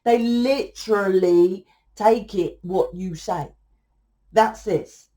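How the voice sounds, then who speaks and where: A woman's voice: medium pitch, slow pace, warm tone. Blunt, tired woman reading tarot. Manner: blunt, swears freely, acts out quotes. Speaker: tarot reader. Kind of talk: casual tarot reading to camera.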